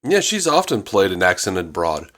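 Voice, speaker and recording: A man's voice: low-pitched, sing-song, normal speed, fairly bright tone, a little hiss or hum. A man co-hosting a podcast in casual review chat, blunt and mocking, often laughing. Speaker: podcast co-host.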